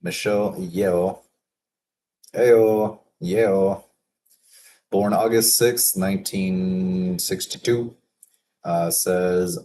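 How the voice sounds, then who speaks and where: A man in a casual solo work session, thinking aloud and reading quotes slowly, chuckling to himself now and then. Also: low-pitched, noisy background. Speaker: business consultant reading daily quotes.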